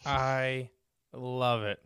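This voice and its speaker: A man hosting a podcast, chatting with easy enthusiasm. His voice is smooth and clear. It sounds close and dry, with no room echo. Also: medium pitch, steady tone, extremely slow, fairly bright tone. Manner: enthusiastic, upbeat. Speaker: podcast host. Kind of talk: casual interview chat.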